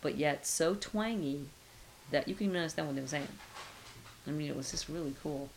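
A middle-aged woman with a notably low voice answers interview questions in a relaxed, unhurried way. She muses aloud and trails off into rhetorical questions. There is faint room ambience behind her. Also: slight background noise, low-quality recording. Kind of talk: casual conversational interview.

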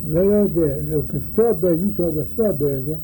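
A man's voice: fairly high pitch, fairly quick, warm tone, a little hiss or hum, low-quality recording. Rambling older man. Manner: rambling, folksy, acts out voices in his stories. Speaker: interviewee. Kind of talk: oral history storytelling.

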